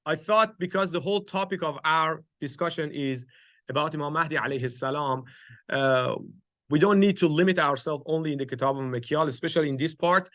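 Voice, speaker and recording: A man with a fairly high, bright voice teaches an informal study group, working through his points with frequent restarts and a habit of asking "right?". He sounds close and dry, with no room echo. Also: brisk. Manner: explains step by step with many fillers and restarts, checks in with listeners. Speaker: teacher leading a study circle. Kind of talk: informal religious lesson. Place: home office.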